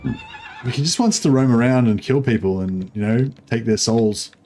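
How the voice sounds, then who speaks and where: A man's voice: medium pitch, huge pitch swings, moderate pace, darkish tone, slight background noise. A man casually commentating a livestream of a strategy game, rambling with many fillers and restarts. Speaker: streamer.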